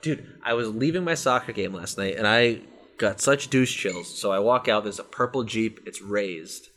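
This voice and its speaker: A man's voice: lowish voice, moderate pace. A man in casual podcast chat, telling stories with energy and swearing freely. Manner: animated storyteller, swears freely.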